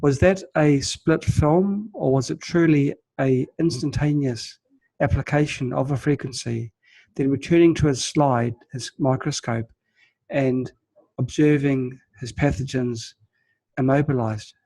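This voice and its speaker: A New Zealand-accented man hosts an interview, asking long, detailed questions in a polite, encouraging manner. His voice sits at a middle pitch. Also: unhurried, gravelly, mellow, dry recording, poor audio. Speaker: host.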